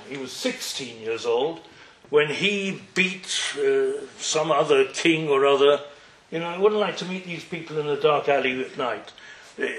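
A man giving a storytelling Torah lecture, acting out the characters' dialogue with humorous asides. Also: a little high. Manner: animated, acts out dialogue in voices, humorous asides. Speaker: Torah teacher. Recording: echoey room with faint noise.

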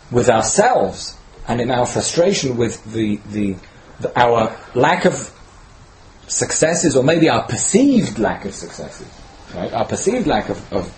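A man giving an informal religious talk at a mid-range pitch, speaking conversationally and tossing in "right?" to keep listeners with him. He often repeats and restarts words as he feels his way through a thought, with faint noise in the background. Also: a little mellow, poor audio. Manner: conversational, peppered with "right?" tag questions. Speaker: teacher giving a Torah talk. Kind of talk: informal sermon.

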